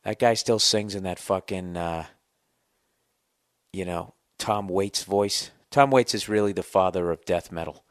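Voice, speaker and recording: A man in his forties rants on his podcast with sarcastic, profane asides. His voice sits a bit low. The close studio mic sounds dry. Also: measured pace, dry recording. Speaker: podcast host. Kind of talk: casual comedic rant.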